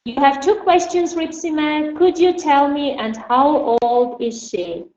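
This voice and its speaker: A woman whose first language is Armenian, teaching an online English class and patiently repeating model phrases slowly. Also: sits high, a little mellow. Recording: roomy, dull lo-fi audio with faint hiss.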